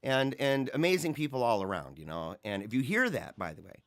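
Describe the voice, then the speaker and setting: A man's voice: mid-range voice, big pitch swings, brisk. A man hosting a livestream show, chatting casually, rambling, mocking and laughing often as he reads viewer comments. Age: adult, married with young children.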